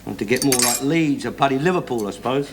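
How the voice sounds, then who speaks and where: An actor playing a bigoted, blustering middle-aged working-class London man who argues and swears without pause, in a studio sitcom. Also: medium pitch, lively intonation, noisy background, close to an everyday voice. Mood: lecturing. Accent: Cockney. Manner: blustering, argumentative, swears constantly. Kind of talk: 1960s-70s studio sitcom acting.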